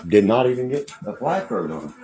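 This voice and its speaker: A man from Cleveland, Ohio with an Ohio accent, chatting loudly and profanely as a guest. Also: mid-range voice, fairly quick. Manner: loud, profane, excitable. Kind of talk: casual chat.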